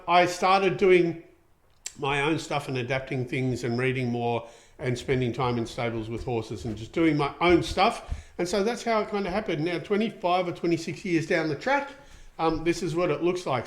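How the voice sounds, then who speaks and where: A middle-aged Australian man hosting a casual livestream show, rambling and chatty with lots of ums as he reads out viewer comments. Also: a little high. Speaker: show host.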